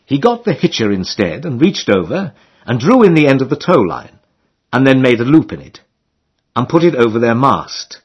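Husky, lively male narrator. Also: medium pitch, normal speed, lo-fi sound. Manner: wry, storytelling delivery. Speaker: audiobook narrator. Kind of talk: scripted narration of a comic novel.

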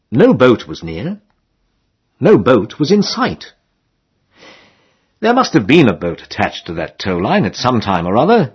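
A man's voice: medium pitch, breathy edge, highs cut off. A man reading a comic novel aloud in a wry storytelling manner. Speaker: audiobook narrator. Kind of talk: scripted narration of a comic novel.

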